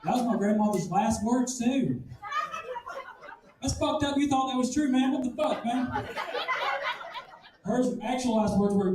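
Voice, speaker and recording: Picked up by a far-off microphone in a noisy, echoing comedy club, this high-voiced male comic works through a crude stand-up set. He runs himself down and hits his punchlines loudly.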